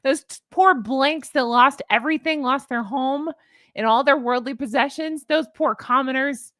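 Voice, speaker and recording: A woman's voice: high voice, moderate pace, fairly bright tone, dry recording, clean studio sound. A woman hosting a casual commentary vlog, sarcastic and exasperated as she rants. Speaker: YouTube commentary host.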